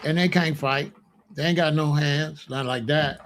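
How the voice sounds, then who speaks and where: A man's voice: a little high, fairly even intonation, unhurried, a bit bright, a little hiss or hum. A man delivering heated, confrontational stream commentary in blunt street slang.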